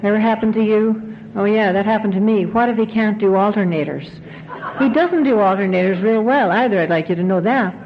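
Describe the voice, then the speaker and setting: A woman's voice: medium pitch, a little fast. A woman giving an earnest, emotional talk to a recovery convention audience, repeating phrases for emphasis. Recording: dull 1990s tape, faint hiss.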